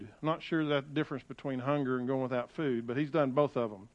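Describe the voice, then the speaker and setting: A man's voice: steady tone, brisk, hardly any pauses. A man preaching as a pastor in a church, talking in a folksy, conversational way with frequent restarts, and reading scripture with rising emphasis. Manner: rises in pitch and volume when reading scripture aloud. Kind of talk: sermon. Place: church sanctuary. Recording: dull, lo-fi sound.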